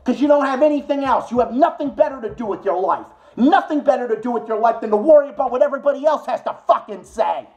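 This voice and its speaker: A man's voice: very high-pitched, fast talker, few pauses, a little mellow. A young man delivering an angry late-night political rant, swearing heavily, repeating himself, and mocking his opponents with sarcasm. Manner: profane, aggressive, repetitive, sarcastic. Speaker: political commentator.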